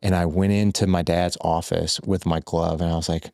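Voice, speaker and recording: A man guest on a podcast, telling animated stories that act out quoted lines, with lots of filler words. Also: low voice, moderate pace, gravelly, no echo, clean studio sound. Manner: rambling, heavy use of filler words. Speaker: guest, fatherhood coach. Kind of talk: conversational podcast storytelling.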